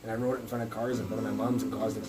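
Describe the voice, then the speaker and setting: Racing along in a fairly low, flat voice, a young man chats on a phone livestream. The low-quality recording catches his blunt, profane rambling and repeated sentence restarts.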